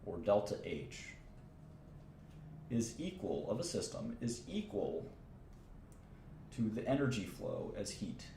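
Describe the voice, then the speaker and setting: A man's voice: on the low side, sing-song, takes it slowly, gravelly, long pauses, dark tone, reverberant, slight background noise. A man teaching a chemistry lesson in an informal way, thinking aloud, repeating phrases and adding casual asides as he works through problems. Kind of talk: informal livestream lecture.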